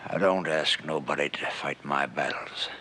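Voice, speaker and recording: A fierce, proud father with a rough backwoods drawl. He talks in a dramatic, stubborn way. The old TV western soundtrack carries a steady hiss. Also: a bass voice, normal speed. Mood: defiant. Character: proud stubborn mountain man, rainmaker father. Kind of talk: 1960s TV western acting.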